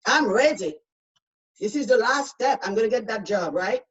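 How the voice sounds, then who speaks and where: A woman's voice: a little high, animated, normal speed, husky, far from the mic, rough recording. A woman with a foreign accent gives outspoken, emphatic personal testimony as a speaker in a panel discussion over a video call.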